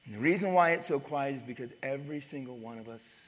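A male pastor preaching a sermon, swinging from loud to hushed. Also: medium pitch, fast. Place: church sanctuary. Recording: reverberant church hall.

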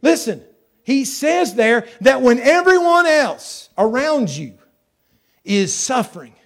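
A man preaching a sermon emphatically, repeating phrases and swinging between loud and soft. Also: very high voice, very animated, slow.

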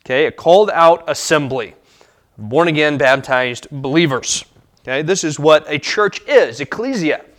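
A man in his thirties preaching a sermon as pastor, pausing often with fillers and restarts. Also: a little high, fairly bright tone. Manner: halting, many fillers and restarts.

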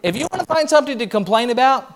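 A male pastor with a noticeably high-pitched voice delivers a sermon with lots of energy. He keeps acting out the voices of the people he describes. The delivery is conversational and lively. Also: rapid-fire, vocal fry, slight background noise. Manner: animated, acts out quoted voices.

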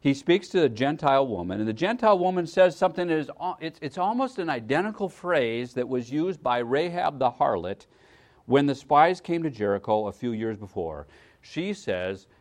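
A man delivering a sermon in a mid-pitched voice, teaching in a conversational way and often asking his listeners whether they follow. His volume swings from loud emphasis to hushed asides, and he stumbles and repeats words as he thinks aloud. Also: big pitch swings, moderate pace. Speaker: pastor.

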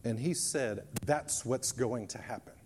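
A man's voice: mid-range voice, measured pace, darkish tone, slight background noise. A male pastor preaching a sermon, reading scripture and driving points home with emphatic repetition. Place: church sanctuary.

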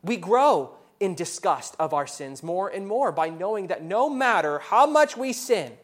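A very animated male pastor preaches an earnest, unhurried sermon. Accusing lines come out loud and rising, while reflective ones fall soft and low.

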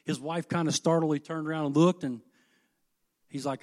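A middle-aged preacher delivers a sermon in a voice pitched a little high for a man. He talks in a folksy way and drops to hushed, confiding lines before building to loud, fervent peaks. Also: steady tone, moderate pace, long pauses. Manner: impassioned and folksy, swinging between hushed and loud emphatic peaks.

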